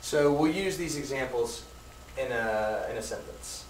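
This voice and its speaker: Male English teacher, steady mid-range voice, slow clear model sentences, roomy echo, mic set back. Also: medium pitch, far from the mic, slight background noise. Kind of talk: recorded English grammar lesson.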